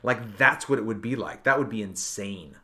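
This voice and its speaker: A man's voice: lowish voice, moderate pace, background noise. A man hosting a casual online talk show, rambling and thinking aloud with many restarts. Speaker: podcast host. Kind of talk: casual chat.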